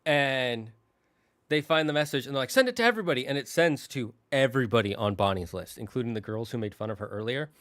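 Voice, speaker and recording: Animated man retelling a movie plot. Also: medium pitch. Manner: animated, restarts often, slips into quick character voices. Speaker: channel host.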